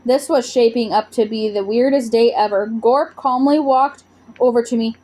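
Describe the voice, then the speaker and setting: An audiobook reader, a woman, narrates a children's storybook aloud with plenty of expression. Her pitch is fairly high and she reads at a normal speed.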